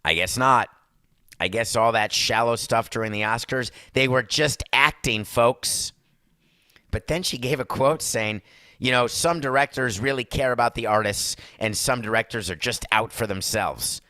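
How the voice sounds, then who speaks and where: A male podcast host with a bright, forceful voice talks in a sarcastic, rambling way and throws asides to his producer. The sound is dry and close, with no room echo. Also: mid-range voice, normal speed. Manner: mock Italian accent in one brief bit. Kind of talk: opinionated sports and culture talk.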